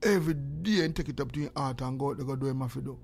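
A man's voice: medium pitch, racing, creaky, a little hiss or hum. An older man with a Jamaican accent, telling stories in a casual way, acting out the exchanges he quotes, and breaking into prayer. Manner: animated, acts out quoted exchanges.

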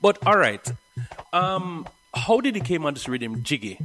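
A man's voice: a little high, sing-song, measured pace, pushed and bright. A man hosting an interview, encouraging his guest with short agreeing replies. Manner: encouraging, many short backchannels. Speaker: interviewer, show host. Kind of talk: casual interview.

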